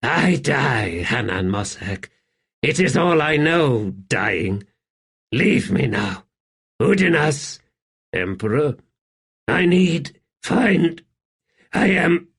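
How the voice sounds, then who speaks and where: A man's voice: mid-range voice, very animated, drawn-out words, pauses often, fairly bright tone, slightly rough, pitched above the performer's own voice, exaggerated voice. A man voicing an anguished male warrior emperor who has just come back from death, speaking in strained, broken phrases.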